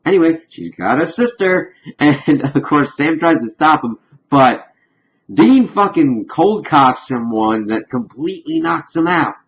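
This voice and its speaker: A man recapping a TV episode in a casual review vlog, chatty and slipping into quick acted-out asides. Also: a little high, sing-song. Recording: dull lo-fi recording.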